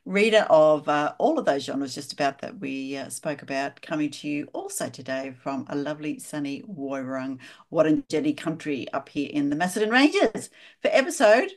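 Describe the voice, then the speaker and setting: An Australian woman co-hosting a book podcast in casual, chatty talk, full of small fillers and quick laughs. Her voice sits a little low for a woman. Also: expressive. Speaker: podcast co-host. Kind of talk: casual chat.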